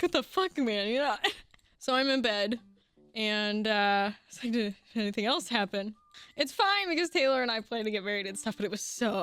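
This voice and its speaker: A young woman telling a personal story in a casual, animated way, swearing freely, laughing often and restarting her sentences. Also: fairly high pitch.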